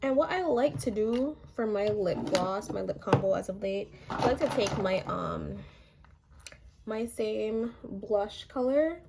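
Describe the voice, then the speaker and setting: A young woman with a hoarse voice, chatting casually and a little self-deprecatingly while walking through her makeup routine. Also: medium pitch, animated, measured pace, background noise. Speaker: makeup vlogger. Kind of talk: casual makeup tutorial chat.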